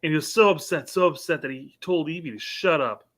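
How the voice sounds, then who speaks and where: A man co-hosts a podcast in casual chat and keeps throwing in dry jokes. His voice is bright and a little high. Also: fairly quick. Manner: joking, wry asides. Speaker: podcast co-host.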